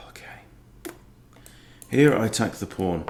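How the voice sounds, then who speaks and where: A man's voice: lowish voice, animated, takes it slowly, creaky, a little mellow. A middle-aged man, a chess coach, giving self-mocking, exasperated live commentary on his own online games, sighing as he goes. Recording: echoey room.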